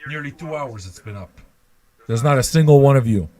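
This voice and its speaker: A man's voice: mid-range voice, expressive, fairly quick, a little mellow. A man hosting an online radio show with a rambling, mocking, profane ranting monologue.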